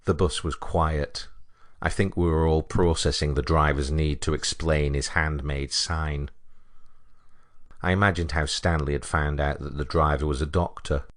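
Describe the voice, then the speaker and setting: A man with a British accent narrating a comic story in a deadpan, wry way. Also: rumbling low, unhurried, no room sound, clean studio sound.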